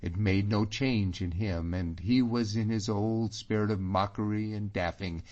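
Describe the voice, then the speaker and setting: Slow, low-voiced male audiobook narrator. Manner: even, measured storytelling. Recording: dull lo-fi audiobook recording.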